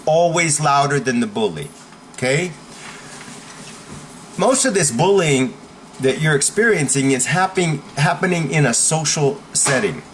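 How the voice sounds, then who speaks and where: A man's voice: fairly high pitch, a little hiss or hum. A man coaching viewers in a blunt, emphatic talk, often checking in with "okay?". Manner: forceful, blunt instruction. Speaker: self-defense coach.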